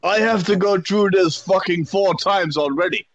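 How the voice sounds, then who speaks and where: A man's voice: high-pitched, moderate pace, muffled recording, a little hiss or hum. A man who edits the videos, chatting crudely with friends in a mock-lecturing tone. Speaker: video editor. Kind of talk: casual chat with friends.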